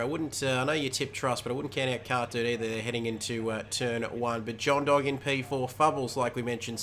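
A man doing energetic, chatty play-by-play commentary for a sim racing league stream, talking into a headset. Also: mid-range voice, a little hiss or hum. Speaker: race commentator.

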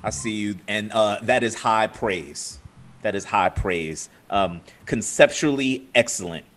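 A male emcee with a lowish voice speaks slowly and deliberately. He heaps praise on a performance and repeats his words for emphasis. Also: a bit bright. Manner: effusive praise, repeats phrases. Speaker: event emcee. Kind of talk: live commentary on a performance.

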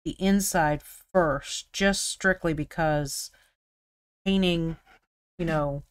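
A woman's voice: low voice, clean tone. An American woman hosting a live miniature painting stream, chatting casually and thinking aloud as she works.

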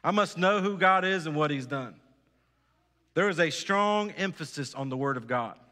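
A man's voice: a little high, lively intonation, normal speed, pushed and bright. Preaching man in a reverberant church. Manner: earnest preaching with repeated phrases and direct questions to the congregation. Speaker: pastor. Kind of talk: sermon. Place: church sanctuary.

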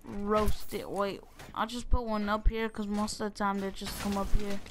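A young woman giving casual, excitable gameplay commentary, joking and talking straight to her viewers. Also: mid-range voice, moderate pace, background noise. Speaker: gaming video creator.

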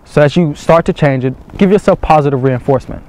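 A man's voice: on the high side, fast, darkish tone. A young man coaching other men in an earnest, repetitive motivational monologue, swearing casually as he talks. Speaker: dating coach.

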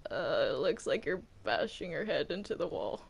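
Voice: medium pitch, sing-song, normal speed, creaky, breathy edge, heavily acted. A player voicing a flustered courtroom lawyer in a casual game role-play, hesitant and placating, with many ums.

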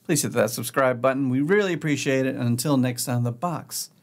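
A man's voice: mid-range voice, fairly quick. A man hosting a board game channel, giving casual, upbeat unboxing commentary and thinking aloud as he goes.

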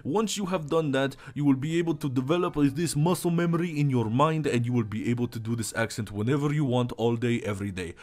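A man voicing a crude, boastful male Russian tough guy in a comic monologue, with an exaggerated fake Russian accent, deep and aggressive, in broken English. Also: brisk, hardly any pauses, a little mellow, lightly acted. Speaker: comic accent tutorial host. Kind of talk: comedic character monologue.

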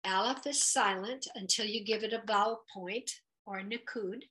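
A woman teaching a Hebrew letters lesson, patient and encouraging, sounding out each letter and vowel slowly. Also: medium pitch, bright, forceful tone. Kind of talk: children's lesson at a whiteboard.

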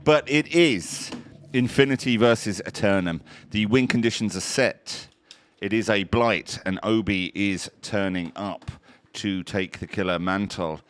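A man's voice: on the low side, a little slow, dry recording. A man hosting and casting a tournament live, giving play-by-play with irreverent jokes and banter. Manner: jokey, irreverent, with playful banter. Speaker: esports tournament caster and host.

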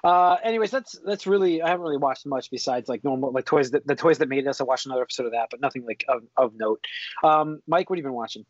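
A man's voice: mid-range voice, quick pace, no room sound. A man hosting a casual podcast chat, rambling and stumbling over names as he goes. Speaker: podcast host. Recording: slightly dull lo-fi audio.

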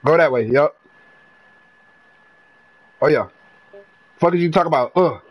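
A young man from North Carolina, giving live gameplay commentary full of profane trash talk and bursts of yelling. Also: a little high, measured pace, husky, poor audio. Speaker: gamer streamer.

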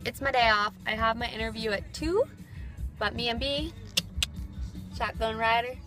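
A young woman vlogging in a car, bubbly and excited as she talks to her viewers. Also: a little high, moderate pace, music in the background. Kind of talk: casual talk to camera.

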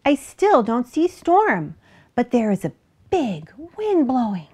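A woman doing a sputtering excited duck. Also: on the high side, slow, breathy edge, heavily acted. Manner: quacking, sputtering. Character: excitable, fussy male duck.

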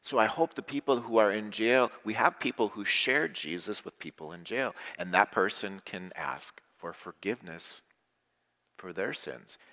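A male pastor gives a simplified sermon in a fairly low but bright, forceful voice. He speaks in short, plain phrases and leads the congregation in call-and-response lines. Long reverb from a church sanctuary hangs behind his voice. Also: normal speed. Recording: echoey hall with long reverb.

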